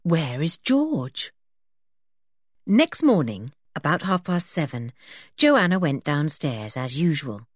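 Lively, husky-voiced woman reading a storybook. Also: sits low, slow, no room sound, studio quality. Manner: expressive reading with character voices. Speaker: audiobook reader. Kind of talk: storybook narration.

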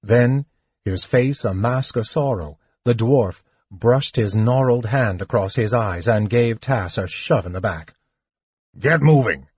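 Slow, husky-voiced male audiobook narrator. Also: lowish voice, no room sound, dull audio. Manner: measured, even storytelling.

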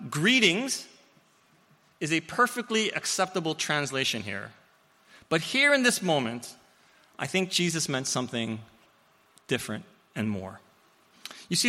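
Guy preaching a sermon, bright lively voice, big echoey church hall, jokey asides. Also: fairly high pitch, a little slow, long pauses. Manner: storytelling, animated, with playful asides.

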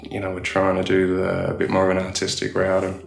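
A middle-aged man with an Australian accent, speaking with a gravelly, low voice in a casual interview. He rambles, restarting sentences and leaning on filler phrases. The room has a lot of echo. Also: monotone, quick pace, faint music behind. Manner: rambling, many "you know" fillers and restarts. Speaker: tattoo artist guest. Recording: echoey room.

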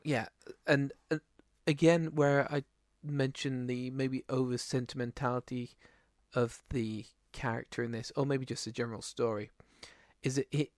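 In a dry, studio-quality recording, a mid-range male voice belongs to a podcast co-host. He chats about movies in a loose, rambling way, constantly restarting and dropping fillers.

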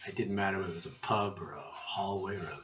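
A man's voice: low-pitched, fast talker, background noise. A middle-aged man from Nova Scotia, a musician, telling rambling stories from his life in a casual interview. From Cape Breton Island, Nova Scotia, Canada. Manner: rambling, warm anecdotal storytelling with restarts. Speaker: guest musician. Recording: muffled lo-fi podcast recording.

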